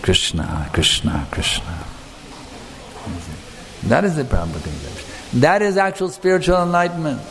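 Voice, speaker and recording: A man giving an earnest devotional lecture, stressing points and putting questions to his listeners. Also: sits high. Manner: earnest, emphatic, asks the audience questions. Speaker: spiritual teacher. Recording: long hall reverb, faint room ambience.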